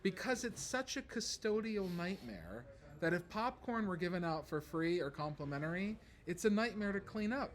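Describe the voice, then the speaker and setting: A male comedian chatting on a podcast in a ship lounge, telling stories in an animated way and acting out voices. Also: high-pitched, moderate pace. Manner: animated storyteller, acts out voices. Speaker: comedian guest. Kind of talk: casual podcast chat. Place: ship lounge before a show.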